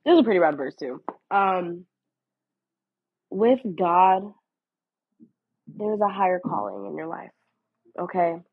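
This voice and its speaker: A woman's voice: fairly low pitch, slightly rough. A woman hosting a podcast, giving an earnest devotional talk in a casual, preachy way full of fillers. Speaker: podcast host. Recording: phone-like, lo-fi audio.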